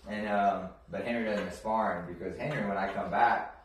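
Boxer-trainer guest, man, low-ish voice, rambling restarts; very echoey room, off-mic. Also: a little fast. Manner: animated storytelling with frequent restarts and repeated words. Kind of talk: casual podcast interview. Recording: very echoey room, distant mic, faint noise.

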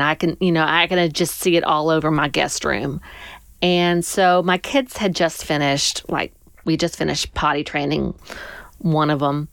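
A woman's voice: deep voice, measured pace, creaky, clean tone, no room sound, clean studio sound. A woman animatedly telling a personal story in conversation, acting out what people said. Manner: animated, acts out people's lines. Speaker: guest storyteller.

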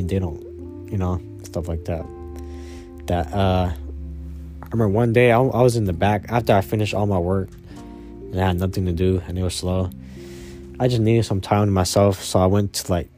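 A young man casually telling a personal story, halting and slangy, with lots of fillers. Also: low-pitched, mellow.

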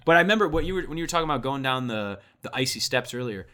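A man's voice: mid-range voice, lively intonation, racing, pushed and bright. A young man, co-hosting a podcast, who tells stories casually and animatedly, swearing and acting out voices. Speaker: podcast co-host. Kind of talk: casual chat.

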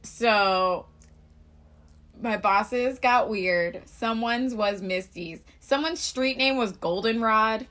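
Co-host, woman, bright, slightly high voice, playful and quick with jokes. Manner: playful, joking interjections. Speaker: podcast co-host. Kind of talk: casual chat.

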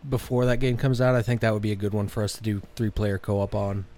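A man's voice: on the low side, steady tone, fast talker, warm tone. Casting: male podcast co-host, easygoing, short casual remarks. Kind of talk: casual chat about games and movies.

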